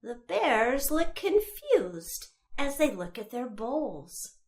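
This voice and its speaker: A woman gives short descriptions of a storybook's pictures. She speaks slowly in a fairly high voice with lively rises and falls, plain and measured.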